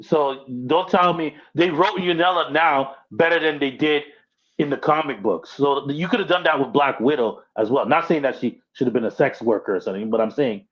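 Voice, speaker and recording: A man's voice: on the high side, normal speed. A man co-hosting a casual pop-culture podcast, insistent and argumentative, repeating his points firmly. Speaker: podcast co-host. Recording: slightly dull lo-fi sound.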